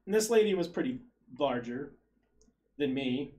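A man's voice: medium pitch, expressive, a little slow, mellow. A young adult man on a podcast, telling a rambling, self-deprecating story to friends in casual chat and laughing through it. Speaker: podcast co-host.

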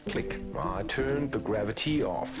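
A man voicing a game's male storybook narrator, with odd word emphasis and a slow, choppy pace that sounds pieced together word by word. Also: fairly low pitch, lively intonation. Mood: deadpan. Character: flat-voiced adult male storybook narrator of a game. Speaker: game narrator. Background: game music.

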